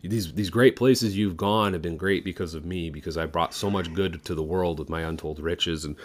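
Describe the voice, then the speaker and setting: A man's voice: low-pitched, steady tone, normal speed. A man doing a boastful, swaggering guy. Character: boastful man wanting women and youth.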